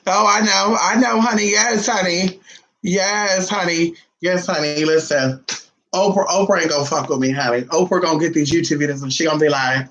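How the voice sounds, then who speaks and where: A woman talking casually to her viewers in a sassy, profane monologue, full of drawn-out teasing asides. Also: on the low side, fairly even intonation, fairly bright tone, rough recording. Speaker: spiritual vlogger.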